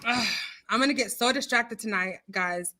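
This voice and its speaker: A woman hosting a casual livestream, loud and expressive, greeting her viewers by name in a chatty way. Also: on the high side, normal speed. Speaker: livestream host. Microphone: computer mic, streaming software.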